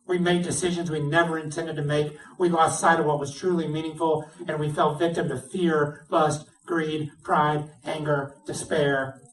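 A male pastor delivers a sermon as a vivid story, bringing its characters to life as he goes. His voice sits a touch high and rings through a roomy church sanctuary. The mic picks him up from some distance. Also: moderate pace. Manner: animated storytelling, acts out dialogue. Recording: roomy sound, speaker away from mic.

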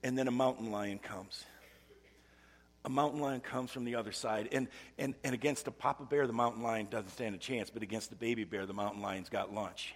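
A man preaching a sermon as pastor, telling a story and shifting between loud emphatic bursts and hushed, near-whispered lines. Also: medium pitch, fairly even intonation, a little fast, long reverb tail. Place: church sanctuary.

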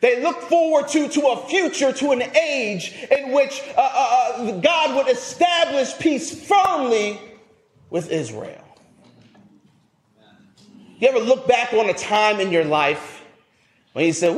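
A male pastor preaching a sermon, emphatic, rising to loud peaks and dropping low at phrase ends, often repeating words as he restarts. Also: expressive, slow. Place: church sanctuary. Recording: echoey church sanctuary.

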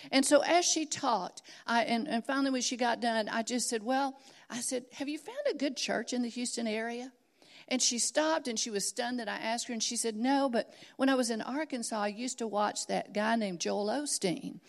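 A middle-aged woman preaches, her voice sitting a little higher than most. She tells her stories earnestly and then presses her point home with emphatic, rising exhortation. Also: normal speed, gravelly. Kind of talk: sermon.

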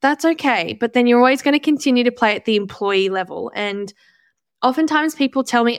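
A woman's voice: fairly high pitch, a little fast, clear, resonant tone, dry recording, clean studio sound. Blunt, chatty young woman. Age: 20s. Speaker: podcast host. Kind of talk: casual solo podcast monologue.

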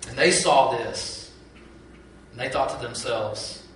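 A man, preaching a sermon as a pastor in a lively, conversational storytelling way full of asides. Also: mid-range voice, slow, noisy background. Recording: very echoey hall from far off.

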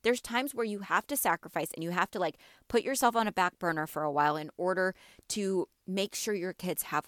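A young adult woman hosting a wellness podcast, talking casually to mothers in a gentle, reassuring way, with many fillers and asides. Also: on the low side, dry recording, studio quality. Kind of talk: casual solo podcast talk.

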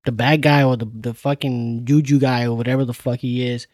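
A man's voice: mid-range voice, level tone, a little fast, a little mellow, no echo, clean studio sound. A man co-hosting a casual chat in a laid-back, profane way, often saying "man". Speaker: podcast co-host.

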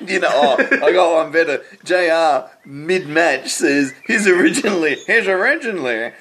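A man's voice: fairly high pitch, moderate pace, a bit bright. A man co-hosting a casual wrestling review podcast, wry and often laughing as he talks. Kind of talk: casual chat reviewing an old wrestling show.

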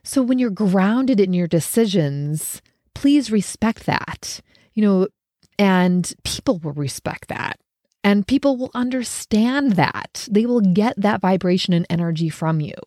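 A woman hosts a casual solo podcast in a warm, medium-pitched voice, animated yet unhurried. She talks reflectively and conversationally, using many fillers. The audio is studio quality with no room sound.

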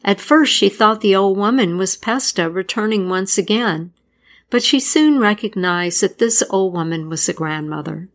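A woman narrating a folktale and its history in a measured, deliberate scripted style. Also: mid-range voice, animated. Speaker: storyteller.

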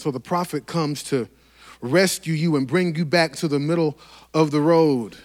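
High-voiced man preaching a fervent sermon. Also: moderate pace. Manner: fervent, rhythmic preaching with repetition and direct calls to the congregation. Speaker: pastor.

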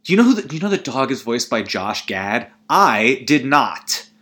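A man hosting a solo comedy podcast, rambling and self-deprecating, weary and feeling low, swinging between loud outbursts and mumbling. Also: big pitch swings, normal speed. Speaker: podcast host.

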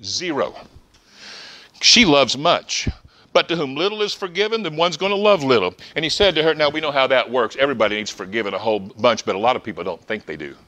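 A man preaching a sermon, excitable, often restarting phrases as he retells a story. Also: medium pitch, a little fast. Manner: excitable, stumbling restarts, acts out scenes.

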